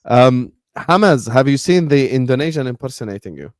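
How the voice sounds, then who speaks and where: A man's voice: mid-range voice, animated, normal speed, no echo, studio quality. A man hosting a football stream, teasing his co-hosts in casual chat. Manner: joking, teasing banter. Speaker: host.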